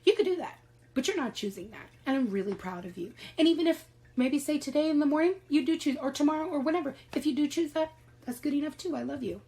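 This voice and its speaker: A woman's voice: sits high, lively intonation, fast, warm tone, poor audio. A woman giving a spiritual reading to her viewers as host of her own channel. She speaks in an encouraging way, repeats her phrases and swears casually. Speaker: tarot reader.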